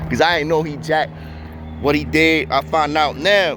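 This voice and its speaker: A man's voice: on the high side, normal speed, noisy background. A man telling a story in a casual way, full of street slang and acting out the voices of the people in it.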